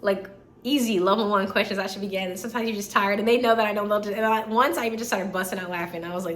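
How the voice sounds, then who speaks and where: A woman in her twenties, a medical student vlogging in a casual, animated way, tired and still recovering from being sick, with lots of fillers and repeated words. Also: medium pitch, racing. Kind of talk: casual chat. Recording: echoey room, faint background hiss.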